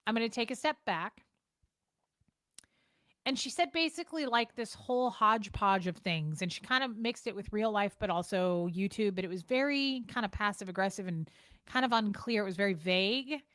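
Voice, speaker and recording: A woman's voice: mid-range voice, expressive, fairly bright tone, no echo. A woman hosting a casual livestream chat, blunt and profane, talking to her viewers from a home streaming setup. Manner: blunt, profane, fast-shifting delivery. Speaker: livestream host.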